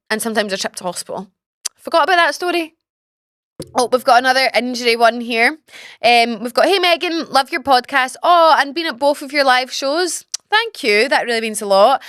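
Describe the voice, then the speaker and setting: Chatty woman, fairly high voice. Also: no room sound, clean studio sound. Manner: chatty, animated, swears freely. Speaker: podcast host. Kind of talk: casual storytelling chat.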